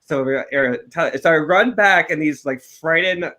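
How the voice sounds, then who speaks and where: A young man co-hosting a podcast, chatting casually and telling animated, camp stories. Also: fairly high pitch, normal speed. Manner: animated, camp storytelling with acted quotes. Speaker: podcast co-host. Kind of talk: casual chat, storytelling.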